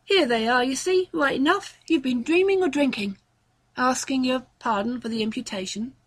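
A woman's voice: sits high, normal speed. A woman reading the lines of a blunt, sensible man in a storybook reading, brusque and matter-of-fact. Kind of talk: audiobook narration.

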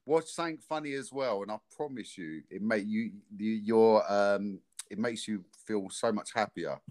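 A man's voice: lowish voice, moderate pace, no room sound. A man co-hosting a podcast, talking loosely with lots of restarts. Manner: rambling, animated storytelling with restarts. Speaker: podcast co-host. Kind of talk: casual chat.

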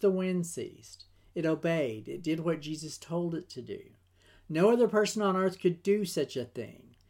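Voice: medium pitch, a little mellow. A Bible study teacher giving a scripted devotional lesson in an earnest, emphatic way, with a few restarts.

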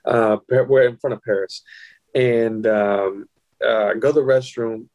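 A man casually telling a rambling, profane story, his pitch leaping up whenever he quotes someone. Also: measured pace, highs cut off. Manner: animated, profane, jumps high in pitch for quoted voices.

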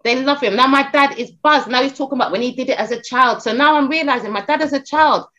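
A middle-aged talent agent, appearing as a podcast guest, chats casually and tells stories with animation, full of restarts and fillers. She speaks quickly in a high voice, and the recording has its highs cut off.

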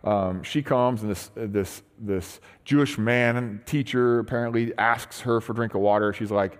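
A man's voice: medium pitch, normal speed, hardly any pauses, clear, resonant tone. A man preaching a sermon as pastor, retelling a story in casual, conversational terms with frequent restarts. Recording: long hall reverb.

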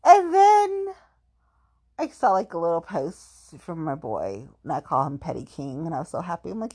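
A woman's voice: on the low side, big pitch swings, normal speed, mellow, breathy edge. A woman chatting casually, rambling and filling her talk with "like", playfully self-mocking. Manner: rambling, heavy use of "like"; playful, self-mocking about being petty. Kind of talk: casual chat.

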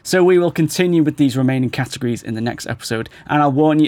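A man hosting a podcast who is losing his voice, giving wry, animated analytical commentary. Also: on the high side, fast talker, no room sound. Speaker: podcast host.

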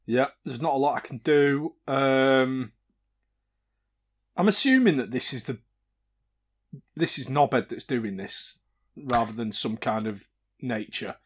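A man's voice: mid-range voice, takes it slowly, pauses often, husky. Male tabletop player, hesitant and filler-heavy, mid-range voice. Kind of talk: casual tabletop game chat.

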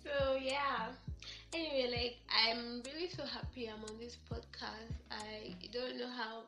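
A young woman with a Nigerian accent, a podcast guest telling stories in an animated, laughing way. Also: fairly high pitch, unhurried. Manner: animated storytelling, laughs often. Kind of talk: casual podcast chat. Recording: echoey room with faint music.

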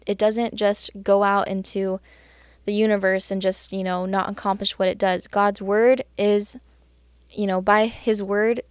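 A young woman giving a casual, earnest Bible devotional talk, chatty with lots of fillers and getting excited about the verses. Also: medium pitch, no room sound, studio quality. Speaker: Christian devotional speaker.

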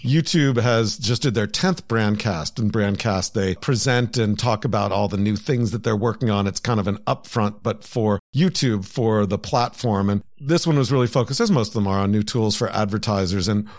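A man's voice: lowish voice, normal speed, hardly any pauses. A man co-hosting a podcast, chatting casually and reading news items with upbeat, emphatic rises. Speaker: podcast co-host.

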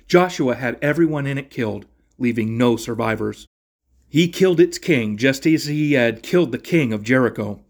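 A podcast host with a medium-pitched voice reads a Bible passage aloud at a steady, measured cadence, then offers a short devotional reflection and a prayer.

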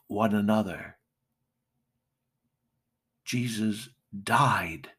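Slow, deep-voiced preacher man. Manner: slow, deliberate preaching with emphatic pauses. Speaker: pastor. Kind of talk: sermon.

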